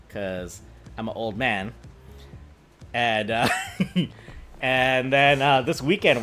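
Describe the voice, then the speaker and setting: Casting: man, talkative streamer, laughs often, animated pitch. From British Columbia, Canada. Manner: chatty, laughing, rambling with restarts. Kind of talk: casual game stream chat.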